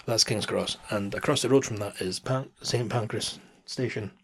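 A man's voice: fairly low pitch, normal speed, husky. A man in his thirties telling a rambling travel story as a podcast host, chatty, laughing often and swearing casually. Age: 30s.

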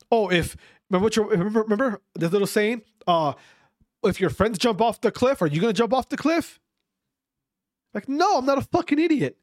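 Man, casual rant, profane, emphatic repetition, sarcastic mimicry, animated intonation, dry recording. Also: high voice, dry recording. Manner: emphatic, profane, repeats his points; sarcastic, mimics others' voices mid-rant. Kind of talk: casual ranting monologue.

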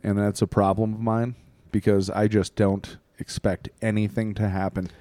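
A man's voice: lowish voice, little pitch movement, normal speed, warm tone, dry recording. A man from Iowa co-hosting a podcast, casually chatting about politics with blunt, folksy interjections. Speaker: podcast co-host.

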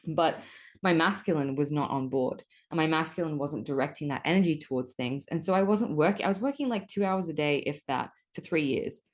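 A woman's voice: deep voice, fairly quick, a little mellow. A woman hosting a solo podcast, talking casually and animatedly about her spiritual life, swearing often. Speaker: podcast host.

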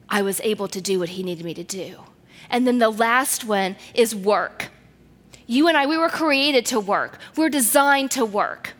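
A woman's voice: on the high side, fairly bright tone, big-room sound. A woman giving a sermon, telling a personal story in an earnest way and dropping to near-whispers at tender moments.

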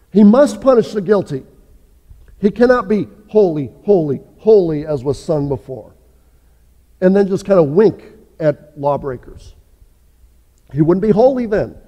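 High-voiced pastor preaching in a reverberant hall. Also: male voice, expressive, measured pace, pauses often, muffled recording. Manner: earnest preaching, builds up then drops low and soft. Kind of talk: sermon. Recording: long church reverb.

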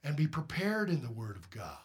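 A man's voice: fairly high pitch, wildly swooping pitch, fairly quick, slightly rough. A man preaching a sermon as pastor, emphatic and direct, firing rhetorical questions at the congregation.

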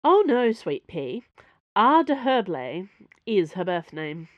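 A woman voicing a gruff, chilly, forceful woman in a read-aloud story. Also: mid-range voice, sing-song, slow, no echo, lo-fi sound. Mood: urgent.

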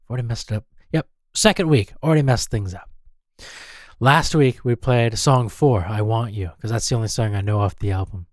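A man's voice: lowish voice, brisk, dry recording, clean studio sound. A man with an Australian accent hosting a radio show, rambling, mocking himself and stumbling over names. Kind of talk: casual radio banter.

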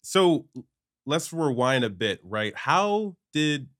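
Podcast host asking questions. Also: male voice, medium pitch, big pitch swings, takes it slowly, fairly bright tone, no echo, studio quality. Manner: friendly questions, laughing along. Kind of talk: interviewing a guest.

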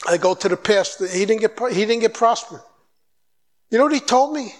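A guest preacher with a notably high voice delivers a fervent, animated sermon. He exhorts his listeners with quick questions and acts out short back-and-forth dialogues, his voice rising as he urges them on.

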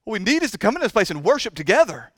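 Passionate high-voiced male preacher, dry sound. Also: sing-song, very fast, no room sound. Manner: impassioned, repetitive, swings from hushed to loud; chokes up with emotion. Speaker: pastor. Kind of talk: sermon. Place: church sanctuary.

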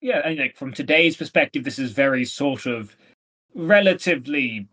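A man's voice: mid-range voice, expressive, moderate pace, fairly bright tone. A man co-hosting a podcast, talking casually about a play, rambling with lots of fillers and hedges. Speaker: podcast co-host. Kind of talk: casual literary discussion.

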